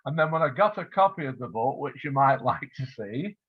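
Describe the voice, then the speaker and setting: A man's voice: mid-range voice, expressive, a little fast, breathy edge. An older man from England recalls old times at an easy, rambling pace, full of ums and small restarts. His voice sits in a middle register. The sound comes through thin and phone-like, as if over a video call. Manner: warm storytelling with fillers, acts out quoted voices. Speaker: author interviewed about his biography. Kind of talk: relaxed reminiscing interview. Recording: phone-like lo-fi line.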